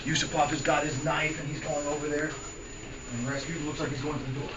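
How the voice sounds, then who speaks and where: A man telling an animated comic story to listeners, punctuating it with shouted sound effects. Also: a little high, quick pace, lo-fi sound. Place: room with listeners. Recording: echoey, distant, noisy amateur recording.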